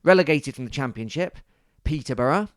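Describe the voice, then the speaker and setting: A man's voice: a little high, expressive, fairly quick, no echo, studio quality. A man co-hosting a podcast in casual, jokey, playful banter. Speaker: podcast co-host. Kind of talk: casual chat.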